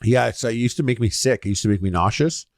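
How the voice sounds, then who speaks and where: A man in his thirties, podcast co-host, chatting casually and telling animated stories with sudden loud shouts when he quotes himself. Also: mid-range voice, fast talker, no room sound, studio quality. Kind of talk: casual chat.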